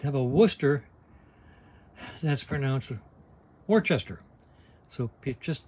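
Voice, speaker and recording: A man's voice: medium pitch, mellow. An older man talking casually to his camera inside an RV, folksy and digressive, with wry asides and frequent restarts. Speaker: vlogger on an RV trip. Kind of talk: casual rambling vlog. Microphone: handheld camera.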